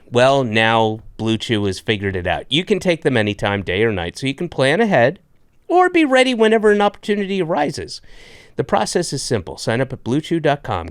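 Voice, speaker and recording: Middle-aged male podcast host, smooth, clear voice, animated and jokey, dry close mic. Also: medium pitch, no room sound. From Atlanta. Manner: jokey, playful ad reads with sudden voice jumps. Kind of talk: ad read and casual interview chat.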